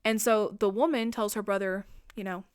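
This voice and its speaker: A young woman hosting a podcast, casually retelling a film's plot in a chatty, profane way and slipping in quick voices for the characters. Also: mid-range voice, steady tone, clear, resonant tone, dry recording, studio quality. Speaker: podcast host. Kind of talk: casual film recap.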